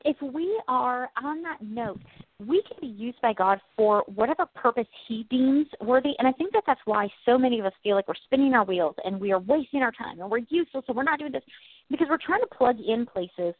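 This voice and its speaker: Brief: earnest middle-aged woman co-host, high voice, phone-line sound. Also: animated, normal speed, no room sound. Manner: earnest, reflective, gently preachy. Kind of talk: casual faith chat. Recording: dry, tinny phone-like audio.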